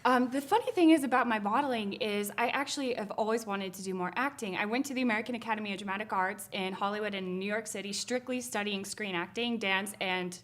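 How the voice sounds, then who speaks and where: A woman's voice: mid-range voice, fast, hardly any pauses. A young adult woman, an actress and model, chatting in an interview in a friendly, upbeat way with frequent "um" fillers. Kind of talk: casual interview chat.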